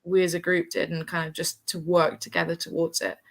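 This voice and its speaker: A woman's voice: on the low side, little pitch movement, brisk, vocal fry. A young woman, a student quiz contestant, talking thoughtfully in casual chat with lots of "kind of" fillers. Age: young adult.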